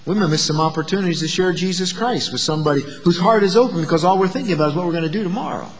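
A man preaching a sermon, asking the listeners rhetorical questions and moving between loud, emphatic lines and quiet asides. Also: sits high, rapid-fire, big-room sound.

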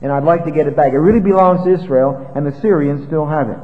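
A man's voice: fairly high pitch, fast, natural voice. A man voicing a scheming king who coaxes an ally to join a war, on a dull, lo-fi recording with long reverb. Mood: coaxing. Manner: persuasive, coaxing.

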